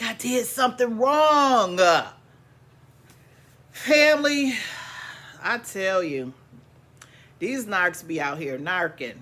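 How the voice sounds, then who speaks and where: A woman casually telling her own life story to viewers, animated and repeating lines for emphasis, calling her listeners family. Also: fairly high pitch, slow, pauses often.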